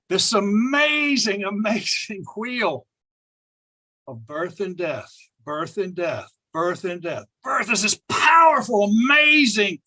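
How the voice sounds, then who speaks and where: A man's voice: high-pitched, bright, forceful tone. A man in his seventies giving an emphatic spiritual talk to an audience, repeating phrases and laughing often as he tells a personal story. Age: 70s. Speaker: speaker addressing an audience.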